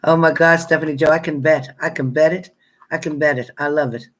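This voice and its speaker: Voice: medium pitch, fairly even intonation, a little fast. Tarot reader signing off a live stream, chatty and blunt, laughs a lot, reads out viewer names one after another. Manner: chatty, greets viewers by name; laughs often, playful banter.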